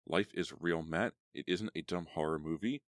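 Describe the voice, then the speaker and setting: A man's voice: low voice, moderate pace, dry recording, studio quality, lightly acted. A man voicing an angry teenage girl. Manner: heated, sharp retorts. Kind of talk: audiobook character voice.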